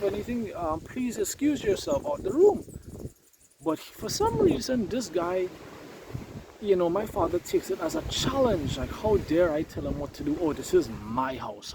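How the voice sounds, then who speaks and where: A young man telling a personal story to camera, animated as he quotes his father and himself. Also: a little high. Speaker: vlogger. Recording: loud wind and background noise on mic.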